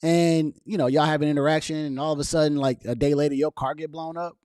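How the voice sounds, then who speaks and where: A man's voice: fairly high pitch, fast, smooth, dry recording, clean studio sound. A man hosting a vlog, reacting to news in casual, emphatic talk full of fillers. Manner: animated, emphatic, heavy on fillers.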